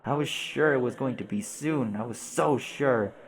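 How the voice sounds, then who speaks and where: A man doing a lonely young girl lost in grief, pleading, scared and tearful, voice shaky and upset, read aloud from a comic in a mid-pitched tone. She keeps begging to go back, worn down and fragile. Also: normal speed, big-room sound, natural voice. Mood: grieving.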